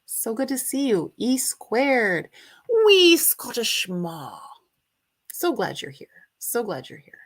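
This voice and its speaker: A woman's voice: fairly high pitch, sing-song, a little slow, few pauses, breathy edge. A woman hosting a casual livestream, chatting and greeting viewers by name, sometimes singing a snippet. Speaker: livestream host.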